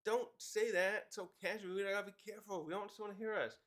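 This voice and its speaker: A man's voice: sits high, steady tone, quick pace, a bit bright, pitched above the performer's own voice. A man voicing a nervous young giant who urgently pleads with others. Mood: pleading.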